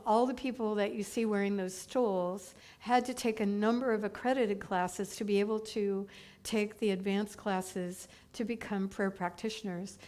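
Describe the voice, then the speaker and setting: A woman's voice: medium pitch, a little mellow. Upbeat woman minister giving church announcements. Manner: chatty, upbeat, with laughs.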